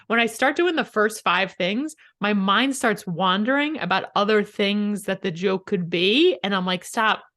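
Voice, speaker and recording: A woman's voice: mid-range voice, fairly bright tone. A woman, a comedian, chatting casually about building sets, laughing often and acting out her inner voice.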